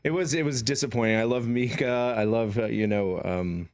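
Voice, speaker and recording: A man's voice: medium pitch, moderate pace, a little mellow. A man from Queens, raised in Georgia, chatting loosely as an actor guest, rambling with lots of fillers and easy laughs. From Queens, New York; raised in Georgia. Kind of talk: casual interview chat.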